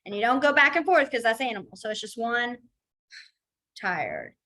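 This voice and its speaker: A woman's voice: fairly high pitch, fast, sharp tone, poor audio. Chatty woman teaching a sign language class. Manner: chatty, filler-heavy, acts out feelings in quoted asides. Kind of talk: casual online class instruction.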